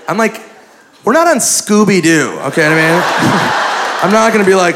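A man's voice: high voice, normal speed. A man doing stand-up, telling a crude story and acting out the dialogue, recorded live on a club stage with a handheld mic. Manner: acts out quoted dialogue, crude and profane. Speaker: stand-up comedian. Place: comedy club stage before a live audience. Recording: live club recording with audience laughter and noise.

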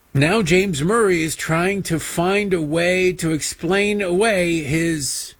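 Sarcastic, animated male talk host. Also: fairly high pitch, slightly rough, no room sound. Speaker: political talk show host. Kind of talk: opinionated monologue with mocking impressions.

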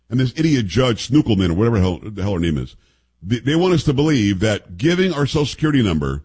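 Man, talk radio host, husky voice, emphatic and scornful delivery. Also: medium pitch, a little mellow. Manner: combative, mocking, emphatic.

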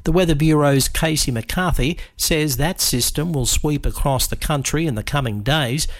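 A man reading a radio news bulletin in a steady, measured way. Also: fairly high pitch. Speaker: newsreader.

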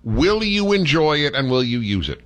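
A middle-aged man hosting a call-in radio talk show, animated and given to playful lecturing. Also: mid-range voice, moderate pace.

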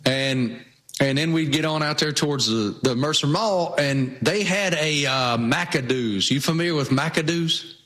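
A man with a Southwest Virginia accent, co-hosting a casual chat and telling stories in a folksy, drawn-out way. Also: on the high side, fairly bright tone. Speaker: co-host.

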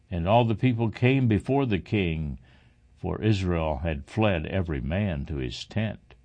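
Slow deep-voiced man reading scripture. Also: mellow, muffled recording. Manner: measured and solemn. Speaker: scripture reader.

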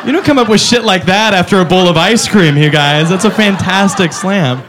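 A man's voice: high voice, normal speed, crowd noise. A male stand-up comedian ranting through a live set in an exasperated, profane way. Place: comedy venue with a live audience. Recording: live room with noisy ambience.

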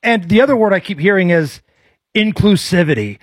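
A man's voice: high voice, expressive, a little fast, slightly rough, dry recording. A man co-hosting a sports talk radio show in a radio studio, hyped and enthusiastic.

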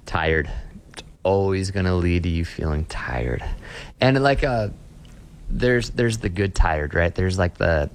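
Deep-voiced man, earnest pastor talking. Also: lively intonation, a little slow. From Austin, Texas. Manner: earnest, reflective, with frequent restarts and repeated words. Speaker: pastor, interview guest. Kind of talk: conversational interview.

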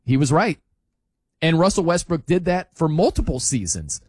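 A man hosting a sports talk show, arguing his point in an incredulous, animated rant with laughs between points. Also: a little high, moderate pace, slightly rough, no echo, low-quality recording.

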